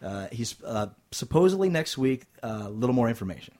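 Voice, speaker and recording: A man's voice: medium pitch, big pitch swings, fairly quick, mellow. Man hosting with many uh fillers. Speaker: podcast host. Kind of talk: casual chat.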